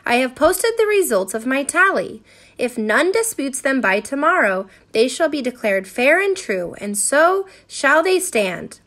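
A woman's voice: sits high, big pitch swings, a little slow, fairly bright tone, full character voice. A woman voicing a weary, self-important male tallyman who speaks in formal, proclaiming tones. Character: pompous weary man, a traveling census tallyman.

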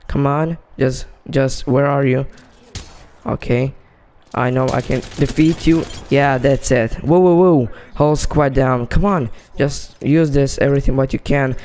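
A gravelly, excitable man with a mid-range voice games and delivers excited commentary. He talks to himself and his teammates, exclaiming frequently.

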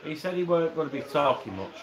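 A man's voice: a little high, big pitch swings, fast talker, a crowd in the background. A man with an Oldham accent hosting a casual livestream, swearing and cracking jokes. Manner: sweary, joking, chatty. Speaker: livestream host. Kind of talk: casual banter. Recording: roomy echo with background noise.

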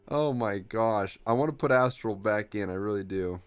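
A young man giving casual, excitable commentary while he plays a strategy game, with playful jokey asides. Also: fairly low pitch, slow pace, clean tone. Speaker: streamer. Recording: faint music behind.

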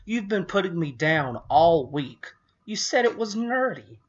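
A man's voice: high voice, very animated, measured pace, highs cut off, pitched above the performer's own voice. Man reading as a whiny, possessive young girl. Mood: protesting. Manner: whining, protesting. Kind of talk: storybook reading.

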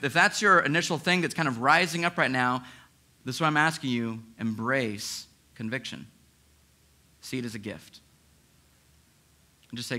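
Male pastor, conversational sermon, bright and forceful tone, animated. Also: medium pitch, brisk. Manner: animated, conversational preaching with frequent restarts; acts out listeners' inner objections.

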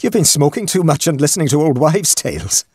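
A man voicing a blunt, brusque Irish country doctor with an Irish accent, scolding and mocking in a husky voice. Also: on the high side, expressive, brisk, no echo, clean studio sound, voice pushed up. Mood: scoffing.

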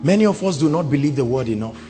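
A man with a Nigerian accent preaching a sermon, emphatic, swinging between hushed words and shouts. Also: a little high, expressive, fast talker, faint music behind. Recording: sermon in a reverberant hall.

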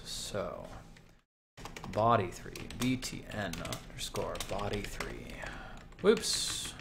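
A man streaming himself making a game, thinking aloud slowly as he writes code and reads out chat messages. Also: lowish voice. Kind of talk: casual live-stream talk while coding. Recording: faint background noise, keyboard typing.

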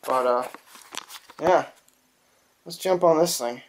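A man with a New England accent talks through a mower repair in a garage, his voice a touch higher than most men's. He rambles with plenty of ums and the odd swear. The sound comes from a camera mic that drifts nearer and farther as he moves around. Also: slow pace, a little hiss or hum. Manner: rambling, profane, with many fillers. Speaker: small engine repair vlogger. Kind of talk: casual workshop chat.

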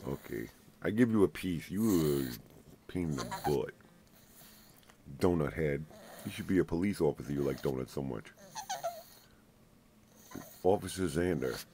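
A man's voice: very deep voice, expressive, unhurried, pauses often, a crowd in the background. A man at home filming his pet on his lap, teasing, coaxing and playfully scolding it. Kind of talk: casual home video talking to a pet.

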